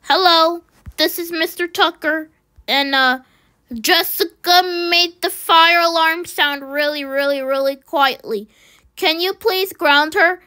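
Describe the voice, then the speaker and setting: A woman's voice: very high-pitched, takes it slowly, sharp tone, heavily acted. A woman voicing an angry male school principal in a homemade cartoon, stammering as he scolds. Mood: stern.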